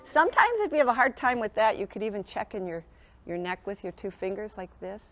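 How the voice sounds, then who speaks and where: A woman's voice: mid-range voice, very animated, a little fast. A woman presenting a sleep program in a school classroom, talking to young children in an encouraging, sing-song teacher manner and often checking in with them.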